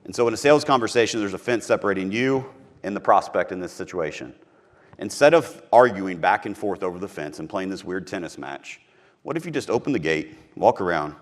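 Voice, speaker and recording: A man's voice: low voice, animated, fairly quick. A middle-aged man from Missouri giving a punchy, emphatic motivational talk on sales, repeating his key phrases. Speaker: podcast host teaching sales.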